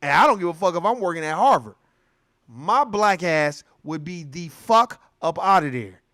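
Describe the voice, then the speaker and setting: A man's voice: sits high, normal speed, dry recording, studio quality. A young adult man telling stories in a casual, profane monologue, acting out other people's voices along the way. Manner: animated storytelling, acts out voices. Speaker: commentator.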